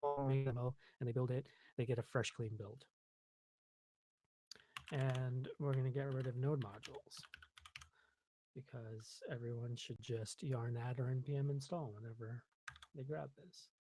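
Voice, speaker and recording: A man's voice: mid-range voice, warm tone, slight background noise. A man hosting a coding tutorial, casually thinking aloud while he types, with lots of ums and self-deprecating asides. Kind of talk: casual screen-recorded coding walkthrough.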